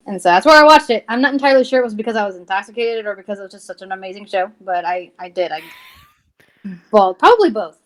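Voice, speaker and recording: A young adult woman talks casually as a podcast guest. She rambles, doubling back and leaning on fillers. Her voice sits at an ordinary middle pitch. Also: expressive, fast talker. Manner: rambling, many fillers and restarts. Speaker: podcast guest, fan artist. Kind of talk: casual interview chat.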